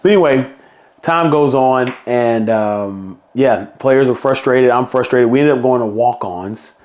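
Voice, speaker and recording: A middle-aged man hosts a podcast, telling a story in a casual monologue and acting out quotes with bursts of higher pitch. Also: a little slow, a little mellow. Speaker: podcast host.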